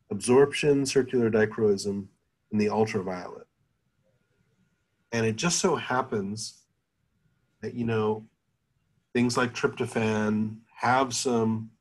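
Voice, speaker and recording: A man giving a university chemistry lecture over a video call, thinking aloud with many pauses and fillers. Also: lowish voice, slightly rough, poor audio. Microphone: computer mic on a video call.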